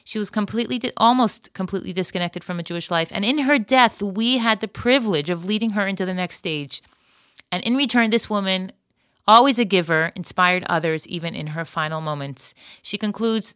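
A woman's voice: mid-range voice, brisk, a bit bright, clear, resonant tone, dry recording, clean studio sound. A woman hosting a podcast, retelling a moving story in an earnest, emotional way and using Hebrew and Yiddish words. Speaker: podcast host.

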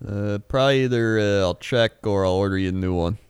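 A man's voice: on the low side, brisk, clear, resonant tone, dry recording, clean studio sound. A young man as a guest in a casual chat, laid-back, giving short agreeing answers and laughing often.

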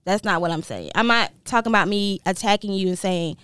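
A woman's voice: medium pitch, a little fast, a bit bright, smooth, no echo, studio quality. A woman in a casual group discussion, explaining and defending her point earnestly.

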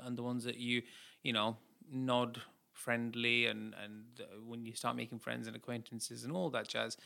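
A man's voice: medium pitch, gravelly, bright, forceful tone. A man co-hosting a casual podcast chat, teasing and playful, acting out silly voices in his stories. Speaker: podcast co-host.

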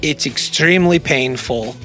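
Man, podcast co-host, casual explanatory chat, bright voice, faint music. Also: mid-range voice, a little slow. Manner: explanatory, laughs often.

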